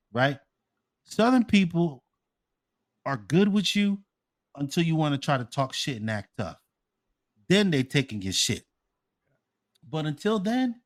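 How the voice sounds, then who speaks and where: A man co-hosting a podcast, telling stories in a loud, profane, animated way. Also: on the high side. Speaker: podcast co-host. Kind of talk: casual podcast chat.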